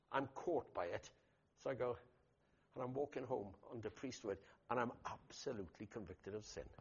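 Husky preacher, animated storytelling. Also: male voice, medium pitch. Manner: animated storytelling with loud emphatic bursts. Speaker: pastor. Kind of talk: sermon. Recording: dull lo-fi recording.

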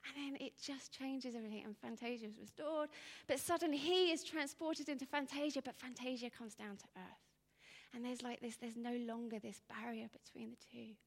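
Woman, 30s, rambling animated speaker, slightly high with gravelly edges, reverberant hall. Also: moderate pace. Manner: rambling, animated storytelling with hushed asides. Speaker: speaker giving a talk. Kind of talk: informal spoken talk.

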